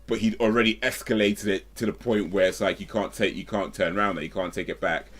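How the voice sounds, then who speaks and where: Man, deep voice, casual streamer, rambling storytelling, self-correcting. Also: fairly even intonation, brisk, a bit bright. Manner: rambling, self-correcting, with frequent fillers and asides.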